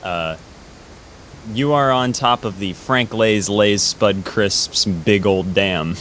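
Low-voiced man running a tabletop game. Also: a little hiss or hum. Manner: relaxed, with frequent filler pauses. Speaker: game master.

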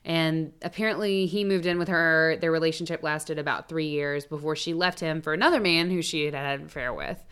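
Woman podcast host, low smooth voice, chatty true crime storytelling, cusses a lot. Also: brisk, few pauses, a bit bright. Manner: chatty, swearing, storytelling with asides. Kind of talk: casual true-crime chat.

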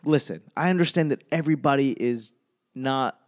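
A man's voice: mid-range voice, normal speed. A man working as a stand-up comedian, talking in a casual, rambling monologue. He swears often, mocks himself, and trails off and restarts his sentences. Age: adult. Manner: profane, self-deprecating, trails off and restarts.

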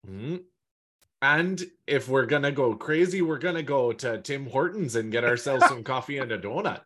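A man's voice: mid-range voice, animated, moderate pace, a bit bright. A man doing a cheery, exaggerated Canadian man with a put-on Canadian accent.

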